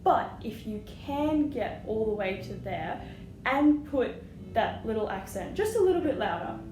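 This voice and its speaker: A woman's voice: a little high, very animated, a little slow, loud music behind the voice. A woman teaching flute, patient and encouraging, singing rhythms aloud as she explains. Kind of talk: music lesson. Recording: echoey room with audible noise.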